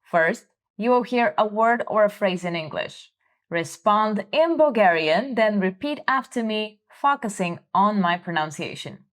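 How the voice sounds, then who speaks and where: A woman's voice: medium pitch, animated, unhurried. A woman hosting a vocabulary lesson, pronouncing words carefully so learners can repeat them. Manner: careful, clear enunciation for repetition. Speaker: language teacher host.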